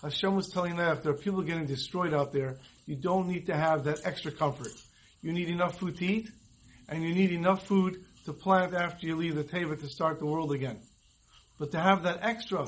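A man with a notably high voice preaches in an earnest storytelling manner. He acts out the dialogue of the people in his stories and keeps an even, instructive flow. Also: moderate pace, poor audio. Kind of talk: sermon with storytelling.

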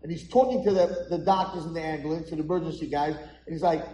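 A man's voice: on the high side, fast talker, few pauses, dark tone. A man, a rabbi, dramatically telling a story in a sermon at an event hall. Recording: echoey hall.

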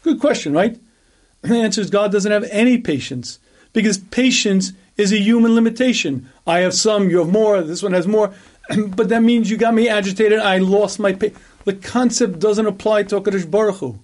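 A man teaching a Torah class in an emphatic, repetitive way, with rhetorical questions and frequent throat clearing. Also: sits high, moderate pace, a little mellow. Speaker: rabbi teaching a weekly class.

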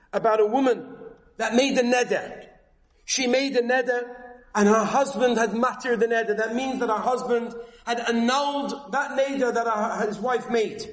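High-voiced man giving an emphatic sermon. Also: reverberant. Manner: emphatic, rising to high pitch when voicing quoted figures. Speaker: rabbi giving a talk. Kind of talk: Torah lecture with Yiddish-inflected Hebrew terms.

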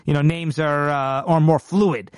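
High-voiced indignant man commentating. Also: fairly even intonation, unhurried, clean tone, no room sound, studio quality. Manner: emphatic, indignant, frequent restarts and mock-quoting voices. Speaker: political commentary host. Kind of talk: casual political commentary.

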